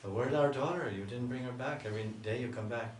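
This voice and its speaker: A man's voice: mid-range voice, fast, slight background noise, voice pushed up, natural voice. A man voicing a worried mother who asks anxiously after her missing daughter, in a sermon. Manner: anxious, pleading. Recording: echoey room, mic far off.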